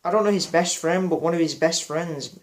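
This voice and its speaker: A man's voice: on the high side, fairly quick. A man giving an unscripted personal reflection for his vlog, rambling and hesitant with many fillers and restarts. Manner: apologetic about memory slips. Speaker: music vlogger.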